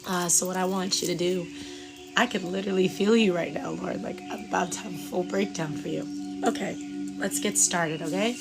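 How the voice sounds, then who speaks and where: A woman chatting casually to viewers on an outdoor live stream, calling them darling, with gentle guided breathing. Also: fairly low pitch, fairly even intonation, fairly quick, vocal fry. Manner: affectionate, calls viewers darling and lovelies. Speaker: livestream Reiki practitioner. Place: outdoors at sunrise. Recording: music playing in the background.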